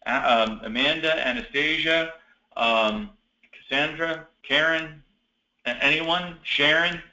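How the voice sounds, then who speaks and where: A man hosting an online meeting for student teachers, encouraging and apologetic, with many halting restarts. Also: a little high, pushed and bright, roomy sound, muffled recording.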